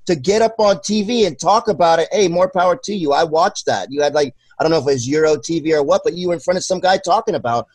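Male podcast co-host, high voice, loose profane storyteller, dry close mic. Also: quick pace, hardly any pauses, no room sound. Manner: loose, profane storytelling with loud put-on bits. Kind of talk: casual chat.

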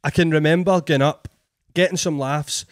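A man's voice: a little high, fairly even intonation, normal speed, dry recording. Man, podcast host, blunt sweary banter, dry close sound. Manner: blunt, sweary, laughs a lot. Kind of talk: casual podcast chat.

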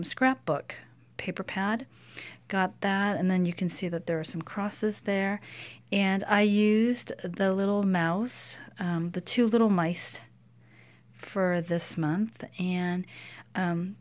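A woman hosting a casual crafting video, chatting through her project with many fillers and a self-deprecating manner. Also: on the low side. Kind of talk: casual crafting show-and-tell.

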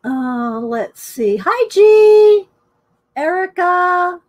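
Middle-aged woman host, high voice, unhurried, chatty live-stream greeter. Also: very animated. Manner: chatty, greets viewers by name. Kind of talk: casual live-stream chat while coloring.

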